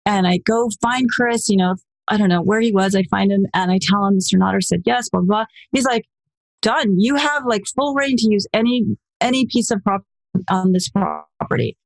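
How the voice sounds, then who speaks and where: A woman in her forties, a podcast guest, telling her story in a lively, casual way and acting out the voices she quotes. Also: normal speed, gravelly, no echo. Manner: animated, acts out quoted voices with pitch jumps.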